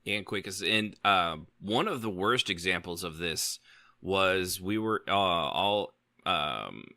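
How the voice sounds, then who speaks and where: Brief: male podcast host, low-ish and very bright tone, rambling storyteller, dry sound. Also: expressive, takes it slowly, creaky, no room sound. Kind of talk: casual panel chat.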